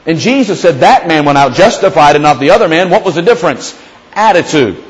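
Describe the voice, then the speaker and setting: A man with a somewhat high voice preaches a sermon. He talks to the congregation like a storyteller, leaning into acted quotes of prayers and Bible figures. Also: animated, fairly quick, low-quality recording. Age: young adult or middle-aged father. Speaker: pastor.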